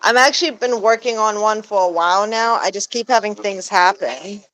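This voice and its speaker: Outdoors in her backyard, a chatty woman who vlogs about her pet goose rambles to camera at normal speed, packing in fillers and cooing at the bird in a high baby voice. Her tone is a bit bright and the recording rough.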